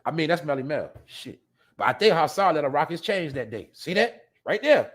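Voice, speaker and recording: A man hosting a show, ranting bluntly and profanely at his viewers, swinging between loud outbursts and low mutters. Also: sing-song, fairly quick. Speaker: podcast host. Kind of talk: casual profane commentary.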